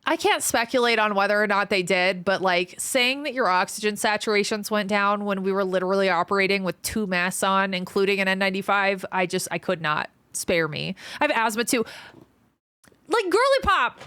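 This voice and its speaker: A medium-pitched woman with a sharp, clean tone streams live with no room sound in the recording. A surgical trainee, she chats casually, reads viewer comments aloud, and speaks in a blunt, profane manner, quick to vent.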